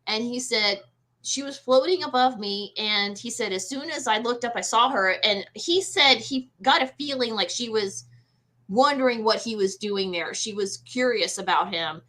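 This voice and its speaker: Bright, lively woman telling a ghost story. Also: a little high, moderate pace, poor audio. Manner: animated, acts out voices in quotes. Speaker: guest medium. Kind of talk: casual storytelling.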